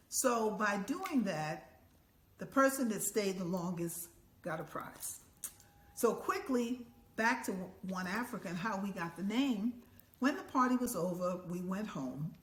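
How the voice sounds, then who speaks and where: A woman's voice: medium pitch, measured pace. Older woman storyteller in an echoey room. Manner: lively, acts out voices and chants in quotes. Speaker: elder storyteller. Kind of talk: oral storytelling. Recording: echoey room with faint ambience.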